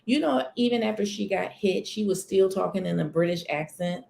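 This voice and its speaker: A woman with a mid-range, darkish voice, lively intonation, and some vocal fry talks fairly quickly on a casual live stream. Set in a home corner near a sunny window, she chats expressively about celebrities and welcomes chat viewers by name.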